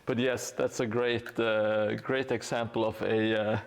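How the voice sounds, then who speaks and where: A man with a lowish, gravelly voice talks casually on a live stream while building a tabletop terrain board in his home hobby workspace. His tone is level and his pace measured, but he rambles and pokes fun at himself, full of fillers and restarts.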